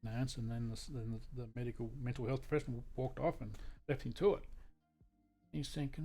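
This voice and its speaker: A man's voice: medium pitch, steady tone, fairly quick, mellow, soft background music. An Australian man, a veteran, chatting casually on a livestream and telling a meandering story full of asides. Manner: meandering, with frequent asides and restarts. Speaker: veteran streamer.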